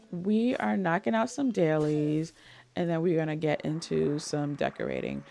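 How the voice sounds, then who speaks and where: A woman's voice: low-pitched, big pitch swings, normal speed, gravelly, dark tone, faint music behind. A woman streamer chatting casually with her viewers while playing, laughing often and greeting people in chat. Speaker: game streamer.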